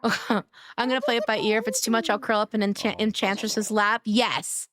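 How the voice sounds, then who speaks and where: A woman streamer chatting casually with her live chat, greeting viewers by name in an affectionate way, her voice a little raspy. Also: mid-range voice, steady tone, moderate pace, fairly bright tone, no room sound. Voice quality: somewhat raspy today.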